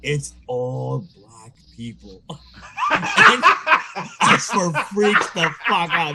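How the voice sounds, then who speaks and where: A young man from the Toronto area casually telling a story on a podcast, swearing, laughing, and jumping into high voices at the punchlines. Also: very animated, extremely slow, vocal fry, heavy background noise. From Canada, Toronto area.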